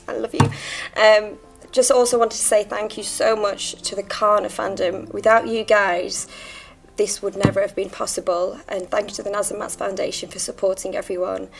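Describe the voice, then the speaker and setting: A woman actor, reflecting in a heartfelt, soft-spoken way during a farewell interview. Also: medium pitch, vocal fry.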